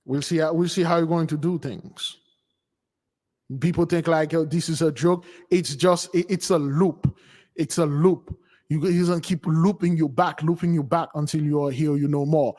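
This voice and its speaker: A man's voice: fairly high pitch, fairly even intonation, moderate pace, mellow. A man giving an informal sermon-style talk, emphatic and repetitive in how he drives his points home. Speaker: spiritual teacher. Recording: long hall reverb.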